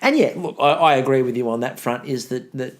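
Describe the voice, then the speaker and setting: A man's voice: mid-range voice, brisk. A male history teacher co-hosting a casual podcast, sarcastic and joking, rambling with restarts.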